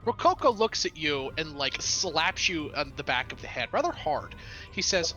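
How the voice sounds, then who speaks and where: Bright-voiced man running a tabletop game. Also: on the high side, big pitch swings, moderate pace, muffled recording, faint music behind. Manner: chatty, many fillers and restarts while narrating. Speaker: game master.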